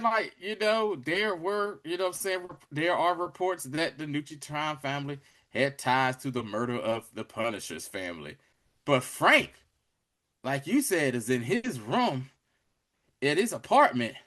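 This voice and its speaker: A man's voice: a little high, big pitch swings, a little slow, a bit bright. A young man in casual chat, animatedly retelling a show's scenes with slang and acted-out quotes. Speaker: podcast co-host reviewing a show. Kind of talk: casual chat recapping a show.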